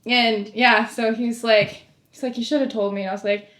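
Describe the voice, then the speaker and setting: Podcast guest: young woman, animated storyteller, higher voice, roomy echo. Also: moderate pace. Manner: animated storyteller, acts out quoted dialogue, laughs often. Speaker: former sheriff's deputy, podcast guest. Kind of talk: casual storytelling chat. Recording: echoey room.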